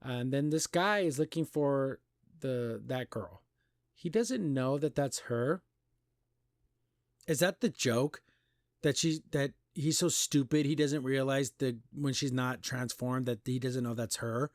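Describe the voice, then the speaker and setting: A man hosting a podcast, recapping and criticizing an animated pilot in casual, exasperated commentary with mocking quoted voices. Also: medium pitch, measured pace, no room sound, clean studio sound. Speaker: podcast host reviewing an animation.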